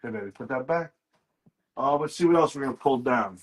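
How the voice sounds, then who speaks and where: A man's voice: mid-range voice, lively intonation, fast talker. A man hosting a live comic book sale, reading off issue numbers, grades and prices in a casual stream chat.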